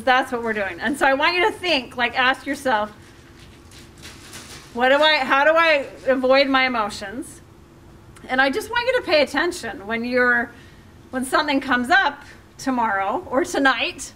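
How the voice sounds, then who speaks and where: A woman's voice: high-pitched, expressive, normal speed, bright, forceful tone. A middle-aged woman, a life coach, giving a workshop talk to a group in a conversational way, with fillers and questions to the audience.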